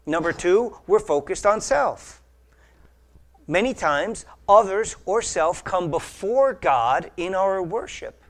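Male pastor, high voice, animated sermon delivery that drops to asides and rises to bursts. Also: slow. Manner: animated, acts out imagined voices, swings from hushed to loud.

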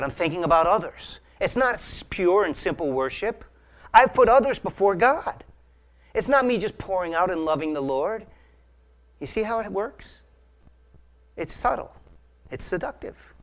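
High-voiced man preaching a lively sermon. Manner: animated, acts out imagined voices, swings from hushed to loud. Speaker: pastor.

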